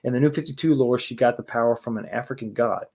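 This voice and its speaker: A man's voice: medium pitch, fast talker, darkish tone, breathy edge. A man giving a casual livestream movie review and answering chat, rambling and exasperated, blunt and profane, with many restarts and rhetorical questions.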